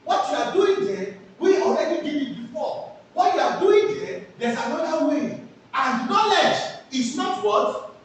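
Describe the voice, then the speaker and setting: A woman's voice: very high voice, a little hiss or hum. A woman teaching a class, asking questions and answering them herself. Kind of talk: classroom lecture with call-and-response questions. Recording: echoey room, voice from far off.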